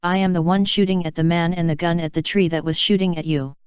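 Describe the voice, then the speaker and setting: A woman voicing a tough but gentle young male soldier in an audiobook, speaking slowly and evenly, on a dull lo-fi recording. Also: on the low side, fairly even intonation, clean tone, no room sound, lightly acted.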